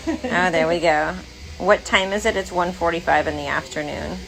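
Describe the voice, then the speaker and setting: A woman's voice: lowish voice, normal speed, vocal fry, rough recording. Woman livestream co-host, casual and blunt, reads comments aloud, some swearing.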